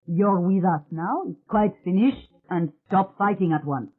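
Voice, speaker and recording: A narrator voicing an elegant old man with a sharp French accent who gives clipped commands, in a tinny phone-like recording. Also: mid-range voice, a little slow, lightly acted. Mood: commanding.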